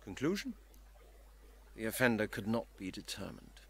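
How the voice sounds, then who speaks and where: A dry, weary detective. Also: male voice, on the low side, big pitch swings, moderate pace, husky, exaggerated voice. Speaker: game character.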